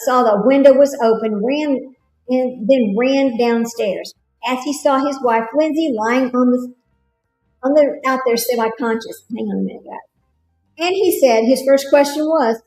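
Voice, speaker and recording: A woman's voice: sits high, darkish tone, roomy sound, rough recording. A woman with a Texas drawl, chatting casually to viewers on her livestream commentary. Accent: Texan. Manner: chatty, laughs often, talks to viewers. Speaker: livestream host.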